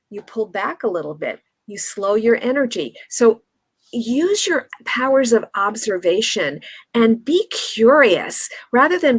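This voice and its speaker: A woman's voice: medium pitch, no room sound. Confident woman coaching speech. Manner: confident, instructive, demonstrates intonation. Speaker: communication coach, guest. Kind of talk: interview advice.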